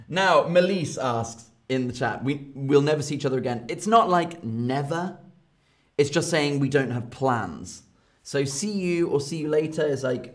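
A man's voice: medium pitch, moderate pace. A young British man with a British accent, teaching English phrases in a playful live-streamed lesson and often laughing at his own examples. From Britain.

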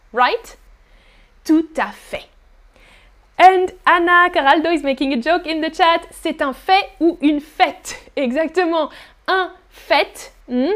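French woman with a high voice, native French speaker teaching on a live stream, slow and patient with examples. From France. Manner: explains patiently, repeats examples slowly. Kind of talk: live-streamed language lesson.

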